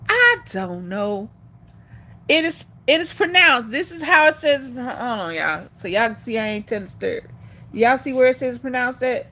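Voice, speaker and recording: A woman's voice: on the high side, expressive, moderate pace, pushed and bright. A woman hosting a casual livestream, chatting with her viewers and calling them y'all. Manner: sing-song coaxing to her dog. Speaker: livestream host.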